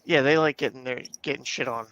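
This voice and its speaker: A man's voice: medium pitch, a little fast, a bit bright, lo-fi sound. A man co-hosting a podcast, telling crude stories in casual chat and laughing through them. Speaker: podcast co-host.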